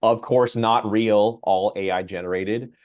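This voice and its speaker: Conversational low-voiced male physician lecturer. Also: fairly even intonation, unhurried, dull audio. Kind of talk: grand rounds lecture.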